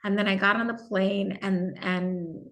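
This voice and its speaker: A middle-aged woman, a podcast guest, telling a personal story in a candid, reflective way with some halting restarts. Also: medium pitch, fairly even intonation, fairly bright tone. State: gets emotional at times.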